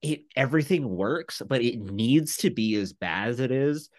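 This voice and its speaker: A man's voice: mid-range voice, lively intonation, normal speed. A man co-hosting a podcast in casual chat, rambling with many fillers and restarts. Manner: rambling, filler-heavy, self-interrupting. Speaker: podcast co-host.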